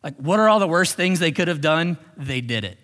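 A man preaching a sermon as pastor, animated, swinging from loud exclamations to hushed whispers. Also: on the high side, brisk. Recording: long reverb of a large hall.

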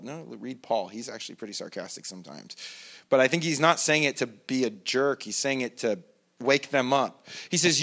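A man's voice: mid-range voice, sharp tone. A male pastor preaching a sermon in a conversational, self-deprecating way, with mocking asides. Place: church.

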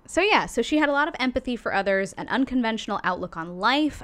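A woman casually recounting a historical woman's life to a co-host, animated and loose, with light swearing. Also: mid-range voice. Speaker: podcast co-host telling a life story. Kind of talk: casual storytelling chat.

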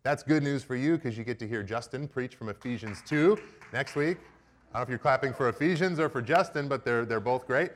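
A young man addresses his church congregation in a relaxed, joking tone, speaking plainly and directly. His voice sits at an ordinary middle pitch, neither deep nor high. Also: a little fast. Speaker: preaching minister. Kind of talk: casual sermon announcements. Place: church sanctuary.

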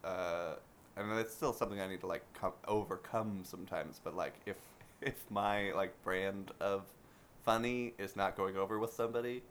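A man co-hosting a podcast, chatting casually in a rambling, halting way with many fillers. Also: deep voice, steady tone, fairly bright tone, a little hiss or hum. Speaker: podcast co-host. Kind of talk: casual chat.

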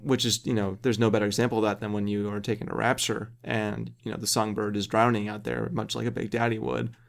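Male podcast host, lowish gravelly voice, rambling thoughtful delivery. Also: flat delivery, fast. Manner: thoughtful, rambling, laughs easily. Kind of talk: casual podcast discussion.

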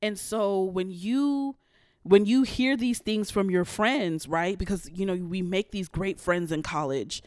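A woman's voice: mid-range voice, measured pace, a little mellow, clear, resonant tone, no echo, studio quality. A young woman hosting a podcast, telling a personal story bluntly and with swearing, fighting back tears at times. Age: young adult. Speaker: podcast host. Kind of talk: candid personal monologue.

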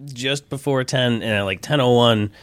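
A man's voice: mid-range voice, normal speed, no room sound. A young man, a podcast co-host, telling a rambling story in casual chat with friends and laughing as he goes. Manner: rambling, laughing while telling a story, acts out voices in quotes.

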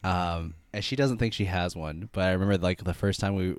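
A man co-hosting a casual podcast, an animated storyteller who laughs often. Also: deep voice, fairly quick, smooth, no room sound. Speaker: podcast co-host. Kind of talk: casual chat.

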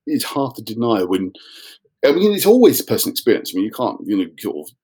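A man's voice: medium pitch, big pitch swings, fast, a little mellow, husky, no echo, rough recording. A man, an author guest on a podcast, explaining his views at length in a thoughtful, rambling way. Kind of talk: casual chat.

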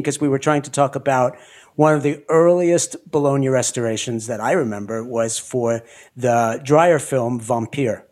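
A man hosting an interview podcast, talking in an animated way and laughing often. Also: medium pitch, normal speed. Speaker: podcast host. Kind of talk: conversational interview.

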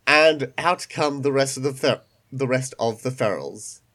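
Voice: mid-range voice, moderate pace. A game master narrating an online tabletop game, voice still recovering after being sick.

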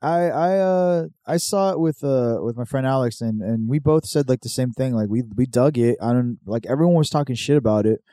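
A man rambles through a casual chat, swearing freely and getting animated as he retells comedy sketches. His voice is mellow and dark. The sound is dry and close. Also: medium pitch, brisk, hardly any pauses, no echo.

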